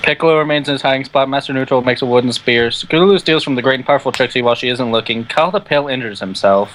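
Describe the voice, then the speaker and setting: A man's voice: mid-range voice, very fast, fairly bright tone, slight background noise, poor audio. A young man hosting a video, reading out simulated game events to friends and laughing along. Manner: laughing, joking reader. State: on pain medication. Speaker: video host.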